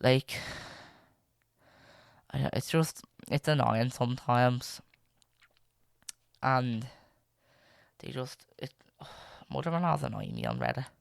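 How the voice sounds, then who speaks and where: A young man with a smooth, clear, medium-pitched voice hosts a casual podcast, reading stories aloud and drifting into rambling asides packed with fillers and restarts. He's very animated yet slow, pausing often. The recording is dry and close, with no room echo.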